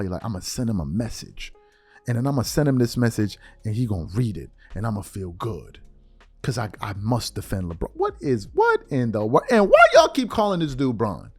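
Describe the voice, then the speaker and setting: A man hosting a podcast, giving a mocking commentary monologue that swings between hushed asides and loud outbursts. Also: medium pitch, huge pitch swings, fairly quick, breathy edge, soft background music. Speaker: podcast host.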